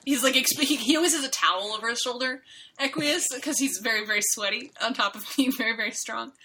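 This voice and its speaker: A young woman co-hosting a podcast, chatting in a rambling, animated way. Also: on the high side, a little hiss or hum. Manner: rambling, animated, quick to laugh. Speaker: podcast co-host. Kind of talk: casual chat.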